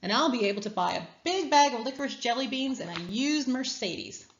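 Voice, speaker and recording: A woman's voice: sits high, expressive, a little fast, dull audio. A woman voicing a greedy, pushy male explorer in a read-aloud story, brash and bossy. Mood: scheming.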